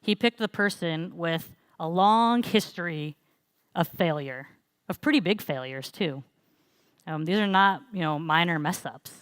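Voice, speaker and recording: Low-voiced young woman giving a chatty sermon. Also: unhurried, clean tone, dry recording. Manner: conversational, storytelling with frequent fillers. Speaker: pastor. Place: church.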